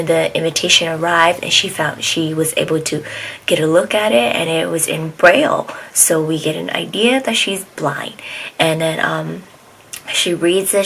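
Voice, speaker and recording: A woman's voice: on the low side, creaky, a bit bright, slight background noise, poor audio. A woman retelling a drama plot in a casual, rambling way, full of fillers, restarts and acted-out lines. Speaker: drama reviewer.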